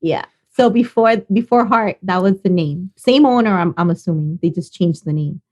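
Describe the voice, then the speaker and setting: A woman event promoter, a podcast guest chatting casually with quick replies and frequent laughs. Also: on the low side, lively intonation, darkish tone. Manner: quick back-channel replies, laughs often. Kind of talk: casual interview chat.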